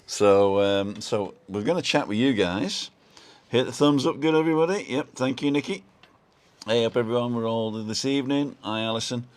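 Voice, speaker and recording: A man's voice: mid-range voice, moderate pace. A middle-aged man hosting a casual live stream from home, rambling along and greeting viewers by name.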